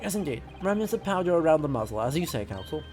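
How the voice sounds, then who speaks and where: A woman's voice: low-pitched, very animated, quick pace, darkish tone, faint music behind. A woman voicing a grave male judge. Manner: formal and grave. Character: stern, formal male judge.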